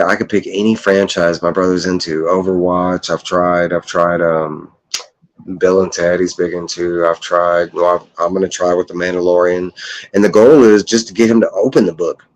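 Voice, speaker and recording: A young man with a low, deep voice talks casually about comics. He rambles and swears, breaks into laughs, and jumps way up in pitch when he mimics other people. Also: darkish tone, rough recording. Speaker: comic collector vlogger. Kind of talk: casual chat.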